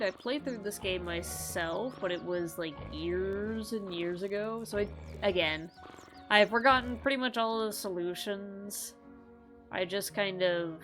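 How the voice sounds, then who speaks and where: A woman's voice: medium pitch, a bit bright. A woman streamer giving casual let's-play commentary, chatty and joking at the game.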